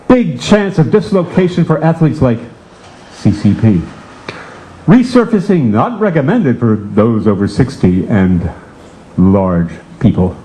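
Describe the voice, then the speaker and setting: A man's voice: medium pitch, dark tone. An older man reading his own comic story aloud with wry, theatrical narration. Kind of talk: comic storytelling to a live audience.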